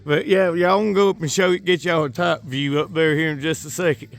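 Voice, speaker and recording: A man's voice: on the high side, steady tone, fast talker, gravelly, no room sound. A middle-aged man with a Southern US accent, chatting casually to viewers from an outdoor building site, folksy and talkative, his throat a little dry. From North Georgia. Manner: folksy, addresses viewers as y'all. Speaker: builder and vlogger. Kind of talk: casual chat to camera. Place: outdoors at a house construction site.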